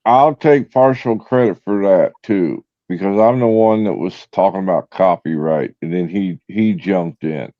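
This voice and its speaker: A man's voice: sits low, a little slow, hardly any pauses, no room sound. A man joking around on a casual panel chat, heard through dull, lo-fi audio. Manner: wisecracking, joking.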